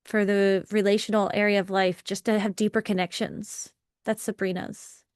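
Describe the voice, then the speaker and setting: Woman, young adult, workshop facilitator; encouraging, chatty, quick to laugh; mid-range voice, dry close sound. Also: medium pitch, level tone, dry recording. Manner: encouraging, conversational, laughs often. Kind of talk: live online workshop, reading and answering chat.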